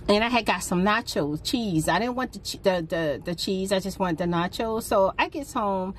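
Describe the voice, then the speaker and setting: A middle-aged woman chatting to her viewers in a relaxed, casual vlog. She speaks at a medium pitch, pauses with sighs, then turns animated, jumping higher when she retells what people said. A faint hiss sits behind her voice. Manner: animated retelling, pitch jumps up for quoted speech. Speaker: vlogger. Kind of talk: casual storytime chat.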